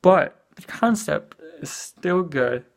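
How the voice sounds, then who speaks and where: Casual movie review, ranting, exasperated, mid-pitched, gravelly fry. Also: lively intonation, slow. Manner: exasperated, ranting, lots of "you know" and swearing.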